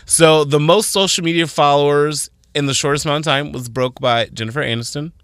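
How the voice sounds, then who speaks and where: A man co-hosting a morning radio show, reading out record trivia with quick casual asides in the studio. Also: a little high, steady tone, a bit bright, clean tone, no echo. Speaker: radio co-host. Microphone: studio microphone.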